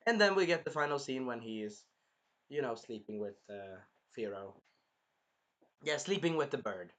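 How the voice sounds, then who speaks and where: Bright-voiced young man chatting about anime. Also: mid-range voice, normal speed. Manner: animated, swears, acts out scenes in funny voices. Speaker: anime reviewer. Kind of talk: casual reaction review.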